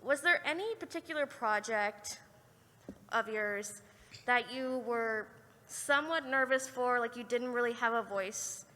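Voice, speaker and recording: A woman in the audience of a convention panel asks a voice actor a question, chatty and quick to giggle. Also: on the high side, bright, forceful tone. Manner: giggly, chatty, breaks into laughs. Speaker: fan asking a question. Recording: reverberant convention hall.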